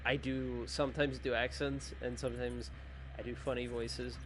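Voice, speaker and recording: A man wraps up his gaming video, sleepy and worn out, talking in a loose, rambling way. He jokes at his own expense as he goes. His voice sits at an ordinary middle pitch, with a faint hum of noise underneath. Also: little pitch movement, normal speed, a bit bright. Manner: rambling, chatty, self-joking. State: sleepy, tired. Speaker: gaming channel host. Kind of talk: casual video outro chat.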